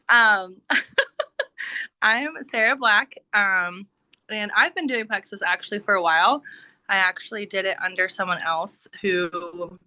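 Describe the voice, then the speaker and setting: A woman speaks over a video call with a bright, forceful voice, sharing her personal testimony. She talks warmly and casually, with plenty of fillers and little laughs. The sound is close and dry, with no room echo. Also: medium pitch. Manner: warm, heartfelt, frequent laughs and fillers. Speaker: business team member giving a testimony.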